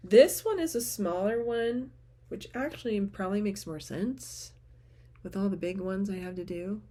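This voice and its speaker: A woman chatting casually to the camera at home as a vlogger, gushing and often trailing off into soft murmurs. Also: mid-range voice, normal speed. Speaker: teacher and cross-stitch vlogger.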